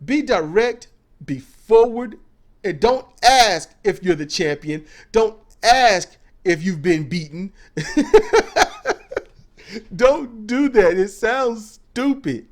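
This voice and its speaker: A man's voice: high voice, lively intonation, takes it slowly. A man giving blunt, preachy casual commentary as a show co-host, swearing freely as he talks.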